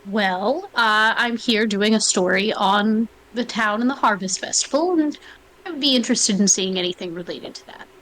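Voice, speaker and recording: A woman's voice: medium pitch, normal speed, a bit bright, poor audio. Woman playing a tabletop game, casual, matter-of-fact. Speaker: player. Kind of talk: casual in-character play.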